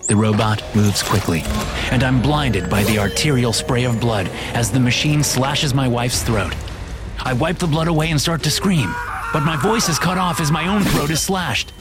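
A man narrating a first-person horror story in a wry, deadpan way. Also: mid-range voice, moderate pace. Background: music.

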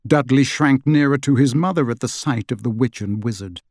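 A man delivers scripted audiobook narration in an expressive, storytelling manner. He speaks at a normal speed with medium pitch, captured in a dry recording with clean studio sound.

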